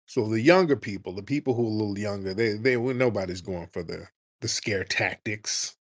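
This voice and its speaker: A man's voice: fairly low pitch, brisk. A man hosting a call-in radio show, talking bluntly in a casual, mocking, slangy way. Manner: blunt, mocking, slangy and animated, mimics people in put-on voices.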